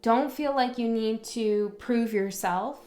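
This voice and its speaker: A woman gives a casual spoken tarot reading, chatty and frank, often checking in with the listener by asking "okay?". Her voice is on the high side, slow and warm. The room echoes and faint music plays underneath.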